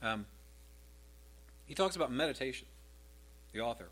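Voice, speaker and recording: A middle-aged male pastor delivers a sermon at a medium pitch. He speaks with emphasis, swelling louder and higher on repeated scripture lines before dropping back down. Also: expressive, moderate pace, husky.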